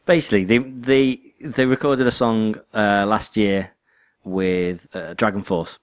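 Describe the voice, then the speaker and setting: A man's voice: lowish voice, fairly even intonation, unhurried, no echo. A man co-hosting a podcast in casual chat, rambling and restarting his sentences. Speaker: podcast co-host.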